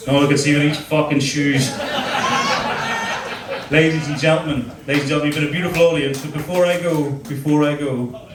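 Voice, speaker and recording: A middle-aged comedian telling crude, self-mocking stories on stage, his voice sitting a little high for a man. The sound is an echoey club room picked up from some way off the mic, with a faint hum of ambience behind. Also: steady tone, normal speed, far from the mic. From Northern Ireland. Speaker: stand-up comedian. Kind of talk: stand-up set.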